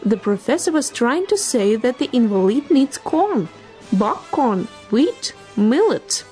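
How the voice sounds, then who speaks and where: Dove: earnest explainer, gentle bird, woman reading it. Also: fairly high pitch, big pitch swings, unhurried, faint music behind. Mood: explaining. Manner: interjecting, explaining.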